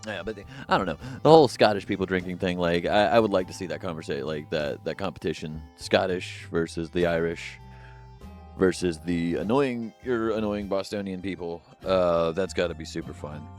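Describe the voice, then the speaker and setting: Low-voiced male podcast co-host, loose and rambling, joking to himself, faint music underneath. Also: moderate pace. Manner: rambling, jokey, lots of fillers and asides. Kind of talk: casual solo podcast rambling. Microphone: headphones and studio mic.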